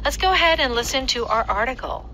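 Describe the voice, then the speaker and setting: A woman's voice: high-pitched, quick pace, heavy background noise. A middle-aged woman co-hosting a radio English lesson, chatting casually and expressively. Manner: chatty and expressive, with gasps and laughs. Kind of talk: casual chat.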